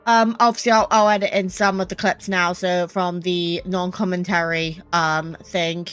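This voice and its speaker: A young woman doing chatty let's-play commentary, apologetic and quick to swear. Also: medium pitch, a bit bright. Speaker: gaming youtuber. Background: game music.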